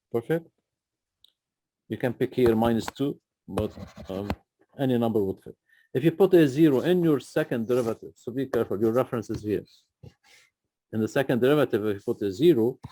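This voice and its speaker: A man tutors a student one-on-one through a math problem, patient and repeating himself to check understanding. His voice is dark and mellow. There is faint background noise behind him. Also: mid-range voice. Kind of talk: live tutoring session.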